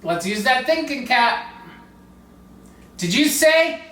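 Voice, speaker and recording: A woman's voice: high-pitched, sing-song, slow, a bit bright. Playful woman reading to kids. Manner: playful sing-song storyteller, talks straight to children. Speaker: children's program host. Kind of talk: storytime reading and cooking demo for kids. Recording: roomy, distant mic with music behind.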